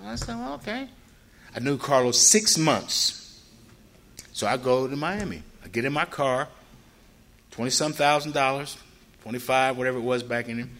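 Older man telling a rambling, animated story. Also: mid-range voice, normal speed, long pauses. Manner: animated, acts out quoted people with a raised voice; loose, rambling with frequent "you know" asides. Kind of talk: personal storytelling.

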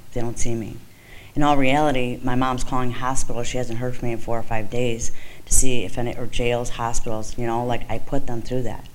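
A woman's voice: extremely low pitch, a little mellow, slight background noise, low-quality recording. A woman telling her own recovery story in a frank, conversational way, with lots of "you know" and "like". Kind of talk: candid personal testimony.

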